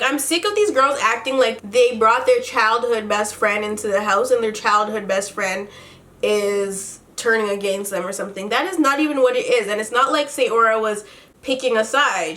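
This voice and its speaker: A woman's voice: on the high side, fairly bright tone. A woman casually recapping a reality show while doing her makeup, sassy and profane with lots of slang. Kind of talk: casual makeup-tutorial chat. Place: home room, doing makeup on camera.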